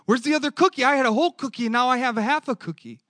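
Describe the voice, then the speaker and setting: A man's voice: very fast, fairly bright tone, no echo, clean studio sound. A man putting on a whiny toddler girl's voice. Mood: indignant. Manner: high, whiny, pleading. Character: toddler girl asking for her cookie.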